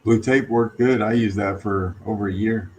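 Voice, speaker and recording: A man's voice: fairly low pitch, fairly even intonation, moderate pace, darkish tone, slight background noise. A man co-hosting a livestream in casual chat, easygoing and teasing, reading out viewer comments. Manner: easygoing, teasing, laughs often.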